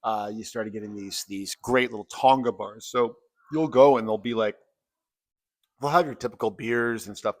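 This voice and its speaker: A man's voice: lowish voice, moderate pace, no echo, clean studio sound. A man with a mild Chicago accent, chatting casually as a guest in an interview and breaking into playful accent impressions. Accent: American, Chicago (mild). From Chicago, USA.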